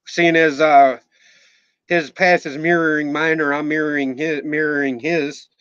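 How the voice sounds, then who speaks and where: A man's voice: a little high, little pitch movement, unhurried, fairly bright tone, clean tone, no room sound. A man in his forties from Minnesota, with a Minnesotan accent, chatting casually on a live stream, rambling and joking, swearing now and then and thanking viewers by name. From Minnesota, USA. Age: 40s. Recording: slightly muffled, dull sound.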